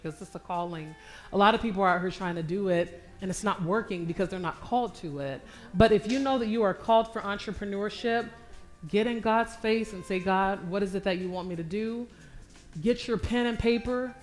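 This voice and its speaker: A woman business coach answering questions at a church event, acting out her prayers and repeating phrases for emphasis. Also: medium pitch. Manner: animated, acts out her own prayers and inner dialogue. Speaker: guest speaker, business coach. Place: church sanctuary, live stream.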